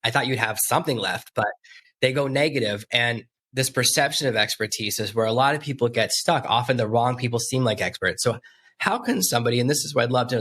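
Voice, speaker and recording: A podcast host leads an interview, telling stories conversationally and acting out the quotes with animation. His voice is medium-pitched, and there's a little hiss or hum on the recording.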